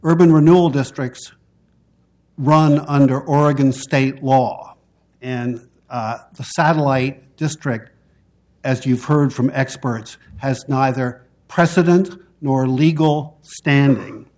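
A man giving formal public testimony at a city council hearing, speaking in a measured, deliberate way and pausing between phrases. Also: mid-range voice, fairly even intonation, a little mellow.

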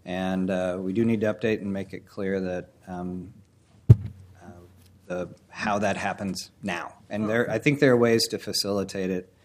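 A man chairing a city council hearing as mayor, speaking in a relaxed, conversational way. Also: sits low, unhurried.

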